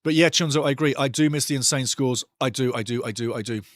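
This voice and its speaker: A man's voice: mid-range voice, fast talker, no room sound. A man doing passionate live football commentary for a watch-along, mocking the referee and bantering with the chat.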